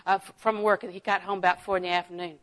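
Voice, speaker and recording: A woman with a lowish, level, slightly bright voice teaches a Bible lesson in sermon style at a very fast pace. She tells personal stories and drives her points home, building to strong, emphatic declarations.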